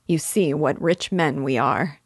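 A woman's voice: low-pitched, dry recording, clean studio sound. A woman reading as a sly, urbane schemer. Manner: smooth, teasing, unhurried. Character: sly, urbane middle-aged man, a suave schemer.

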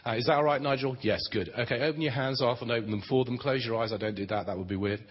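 Man, conference speaker, husky voice, long hall reverb, dull lo-fi sound. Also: mid-range voice, very fast. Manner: plain, conversational, dry humor. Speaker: conference speaker on prayer ministry. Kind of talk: teaching talk at a Christian conference.

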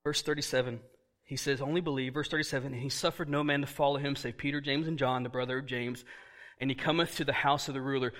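A man preaching a sermon, animated, acting out dialogue and laughing often, dropping to a quiet voice for emphasis. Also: medium pitch, fast. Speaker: pastor.

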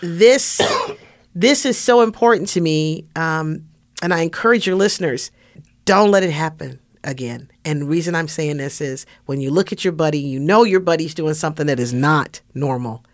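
A woman's voice: low-pitched, moderate pace. Impassioned woman chaplain in an interview. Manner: emphatic, impassioned, repeats phrases for emphasis. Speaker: podcast guest, army veteran and chaplain. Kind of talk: earnest interview conversation.

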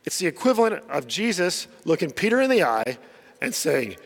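A man with a high, light voice preaching a sermon from the pulpit, chatty and quick to laugh, acting out what the people in the story say. The sound carries the long reverb of a big church hall. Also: very animated, creaky. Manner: conversational, laughs often, acts out quotes. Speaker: pastor.

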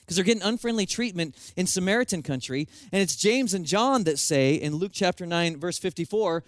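A man preaching a sermon with animated storytelling and self-mocking humor. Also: sits high, moderate pace, few pauses, dry recording. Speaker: pastor.

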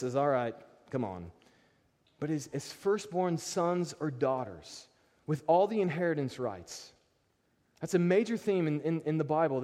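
A pastor preaching a sermon, animated and emphatic, often repeating words as he builds a point. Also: on the high side. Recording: long reverb of a large hall.

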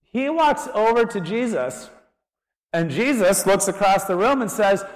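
A man preaching a conversational sermon as pastor, animated and joking as he thinks aloud. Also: high-pitched, unhurried. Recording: long reverb of a large hall.

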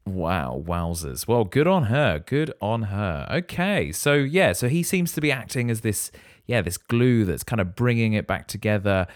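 A man's voice: lowish voice, sing-song, dry recording, studio quality. A man co-hosting a casual podcast, reacting playfully and throwing in guesses about a film. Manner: playful guesses and quick reactions, laughs along. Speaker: podcast co-host.

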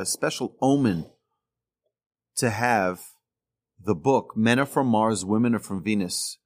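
A man speaking as a rabbi, giving a teaching talk in an emphatic style, repeating and restarting phrases and pushing his voice up on key words. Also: mid-range voice. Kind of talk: teaching talk on speech and ethics.

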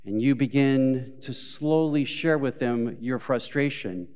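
Unhurried male pastor in a reverberant church. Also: mid-range voice, darkish tone, smooth. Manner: storytelling with acted quotes, rising to emphatic peaks. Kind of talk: sermon. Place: church sanctuary. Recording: live church recording with long hall reverb.

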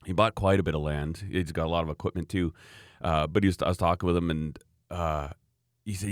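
A man's voice: low voice, steady tone, brisk, no echo, clean studio sound. A man co-hosting a podcast, telling rambling, easygoing stories full of fillers. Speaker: podcast co-host. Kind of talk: casual chat.

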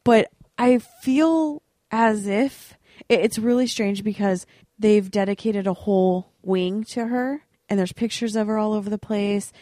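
A woman's voice: medium pitch, a little slow, hardly any pauses, warm tone, no echo, clean studio sound. Earnest, rambling woman podcast co-host. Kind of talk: casual chat.

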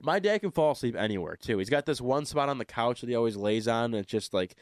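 A man chats casually as a co-host, rambling from one joking story to the next. His voice sits at an ordinary pitch. The sound is dry and close, with no room around it. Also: expressive, fast talker, no room sound. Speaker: podcast co-host. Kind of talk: casual chat.

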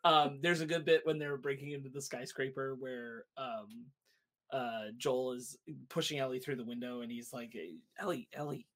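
A man co-hosting a casual podcast review, thoughtful and analytic, talking in measured turns. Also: mid-range voice, fairly even intonation, fairly bright tone. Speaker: podcast co-host.

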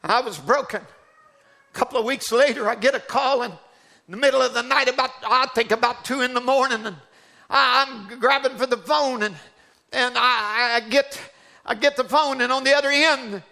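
A man's voice: very high-pitched, normal speed, bright, forceful tone. A man preaching a sermon, telling a personal testimony in an earnest, fervent way. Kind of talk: sermon storytelling.

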